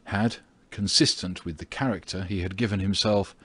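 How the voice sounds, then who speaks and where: A man narrating an audiobook with a steady, measured reading. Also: sits low, breathy edge, no room sound. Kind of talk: scripted narration.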